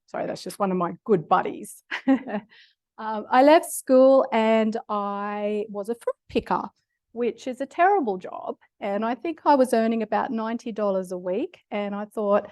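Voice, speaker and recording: A woman's voice: on the high side, unhurried, dry recording, studio quality. A middle-aged Australian woman giving a public lecture, telling personal stories with a humorous, self-deprecating manner. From Australia (Queensland). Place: lecture hall.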